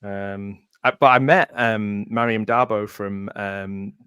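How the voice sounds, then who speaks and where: A man's voice: fairly low pitch, steady tone, takes it slowly, pushed and bright, clean tone, no echo, studio quality. A man co-hosting a movie commentary stream, chatting casually and laughing often. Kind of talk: casual chat.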